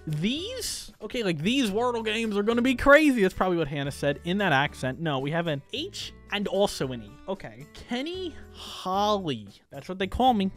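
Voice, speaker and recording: Young man, gaming host, lively swooping voice, higher pitch, jokey self-talk, faint music behind. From Buffalo, New York. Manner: animated, joking, talks to himself while guessing. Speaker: channel host. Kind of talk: casual gaming commentary.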